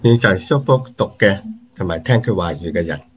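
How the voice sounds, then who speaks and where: A man giving an even, formal Bible reading. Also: deep voice, a little fast, a little hiss or hum. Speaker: scripture reader. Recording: dull lo-fi recording.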